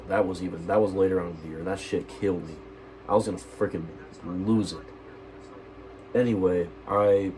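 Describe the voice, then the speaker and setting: A teenage guy whose voice sits low for his age, venting on a stream. He rambles, restarts his sentences and swears heavily as his anger builds. A faint hiss runs under the voice. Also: a little mellow, low-quality recording. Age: teens. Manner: agitated and profane, rambling with restarts. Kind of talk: angry personal rant.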